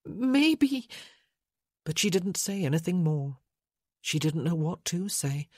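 A woman narrating an audiobook in a measured, unhurried reading. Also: low-pitched, mellow, slightly rough, no echo, clean studio sound.

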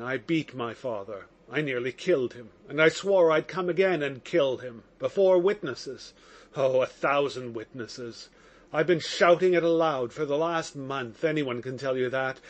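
A man's voice: on the high side, close to an everyday voice. A man reading an impassioned accused young man. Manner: impassioned, exclamatory. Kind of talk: audiobook narration.

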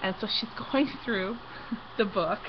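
On a casual craft livestream, a middle-aged woman from Canada speaks at an unhurried pace in a medium-pitched voice. She narrates a story while working, giggling frequently and laughing a lot. The audio is dull, lo-fi, and faintly noisy.

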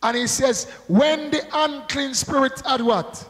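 A man's voice: very high-pitched, measured pace, a bit bright, long reverb tail, low-quality recording. A male pastor preaching a sermon, drawing out call-and-response with rhetorical questions and prompts to the congregation.

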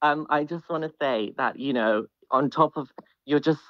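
A woman fan speaking to her idol in an online audio room, gushing and halting with fillers. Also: deep voice, no room sound. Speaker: fan calling in. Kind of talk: casual online audio chat. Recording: dull lo-fi call audio.

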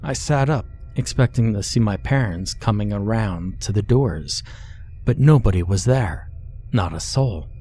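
A man narrating a scary story in a steady, measured way. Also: lowish voice, soft background music. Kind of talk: scripted horror story narration.

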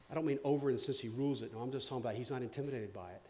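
A man preaching a sermon as pastor. He asks questions, repeats words, and swings from loud emphasis to a hush. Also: mid-range voice, rapid-fire, hardly any pauses.

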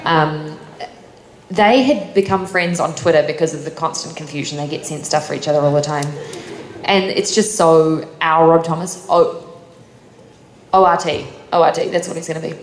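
Young New Zealand woman on a convention panel, chatty, a little low-pitched, in a boomy hall with faint noise. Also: moderate pace. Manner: chatty, laughs often, many fillers. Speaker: actor answering fan questions.

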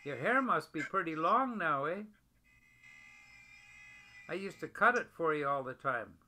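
An older man talking tenderly to his wife over a video call, gentle and affectionate, often repeating pet names. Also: a little high, lively intonation, measured pace, slight background noise.

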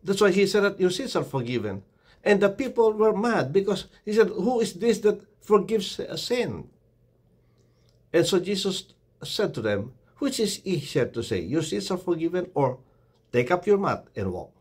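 A man's voice: high voice, very animated, normal speed, breathy edge. A man giving a short devotional sermon, earnest and exhorting, often calling the listeners "friends". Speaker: preacher.

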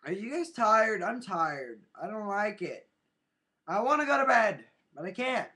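At home in front of his webcam, a man rambles goofily and casually, adding silly sound effects, recorded on the built-in webcam mic. His high-pitched voice is sing-song and sharp, at a measured pace.

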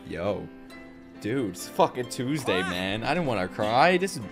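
A man hosting an anime reaction video, talking excitedly in profane, joking asides as he watches. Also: lowish voice, a little slow, over music. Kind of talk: live reaction commentary. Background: faint anime soundtrack.

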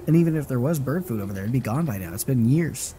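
A man streaming a horror game live, foul-mouthed and jumpy, snapping back at the screen every time something moves. His voice sits at an ordinary middle pitch. A faint hum of noise sits under the talk. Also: expressive, quick pace, mellow. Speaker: gaming streamer. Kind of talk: live horror gameplay commentary.

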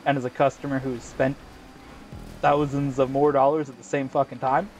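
A man's voice: mid-range voice, flat delivery, moderate pace, a little mellow, a little hiss or hum. A man hosting a gaming video, telling a long story in casual, profane chat full of slang fillers. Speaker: gaming channel host. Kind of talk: casual chat while racing in a game.

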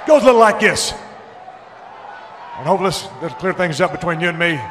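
A man yelling into a handheld mic, sarcastic and mock-hurt, his voice sitting fairly high. The sound rings with long arena reverb, and a loud crowd roars underneath. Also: lively intonation, quick pace, noisy background. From Texas. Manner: shouting, mock-hurt, sarcastic, breaks into off-key singing. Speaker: professional wrestler. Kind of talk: shouted arena promo. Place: large indoor wrestling arena.

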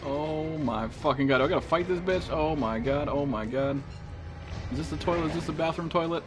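A man streaming a horror game, panicking, yelling and swearing heavily as he plays. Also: a little high, a little fast. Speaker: gamer streamer. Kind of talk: horror game live commentary. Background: game music and sound effects.

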